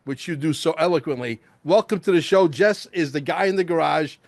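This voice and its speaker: A male host in casual interview chat, excitable and rambling, peppering his talk with "bro" and "like". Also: fairly high pitch, fairly quick, creaky, no echo.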